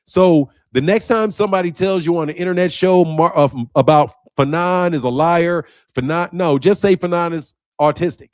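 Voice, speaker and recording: A man's voice: a little high, moderate pace, few pauses, no echo, studio quality. A man hosting a boxing channel, talking to camera in a casual monologue; he is emphatic and repetitive, swears often and turns intense and confrontational.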